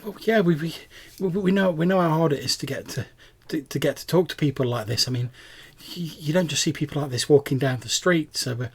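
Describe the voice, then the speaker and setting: A man's voice: on the high side, a little fast, few pauses, breathy edge, pitched above the performer's own voice. A man doing a gushing, starstruck young fangirl. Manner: gushing, stammering, words tumbling out. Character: excitable young woman superfan, teenage clubber.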